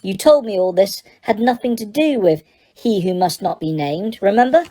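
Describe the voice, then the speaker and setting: A woman voicing a calm, understated young schoolboy wizard in an audiobook, close to her own mellow voice. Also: medium pitch, moderate pace, natural voice. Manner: plain, understated. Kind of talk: audiobook character voice.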